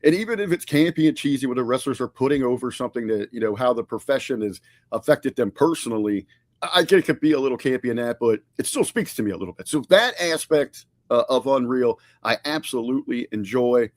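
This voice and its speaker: A man's voice: medium pitch, animated, fast talker, no echo. Chatty male podcast co-host, dry sound. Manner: conversational, many fillers and restarts. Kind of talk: casual podcast review chat.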